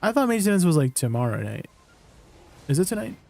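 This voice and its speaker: A man's voice: high-pitched, big pitch swings, fairly quick, vocal fry, a little mellow. A man streaming a game, chatting casually and rambling, often asking his chat questions and laughing easily.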